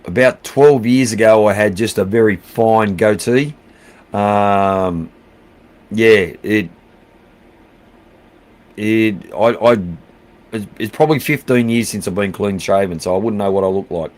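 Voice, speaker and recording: A man's voice: lowish voice, measured pace, pauses often, a little mellow. A middle-aged Australian man hosting a livestream, reading out viewer comments in casual, blunt chat, swearing freely and calling everyone mate. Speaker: livestream host.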